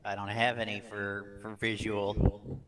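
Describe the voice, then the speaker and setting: A man's voice: lowish voice, little pitch movement, a little slow, noisy background. A man playing a tabletop role-playing game, talking in a dry, matter-of-fact way. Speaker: player. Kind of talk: casual tabletop game play.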